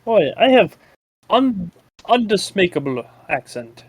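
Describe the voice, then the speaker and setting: A man's voice: high voice, lively intonation, fairly quick, no echo, voice pushed up. A man putting on a boastful figure with a hammy foreign accent and stilted broken English.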